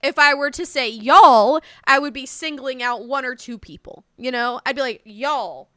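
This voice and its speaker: Woman streamer w/ north carolina southern accent, rambly and chatty, bright high-ish voice. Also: moderate pace, smooth, no room sound, studio quality. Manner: chatty, rambling, animated, self-correcting. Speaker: live streamer. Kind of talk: casual live-stream chat answering viewers.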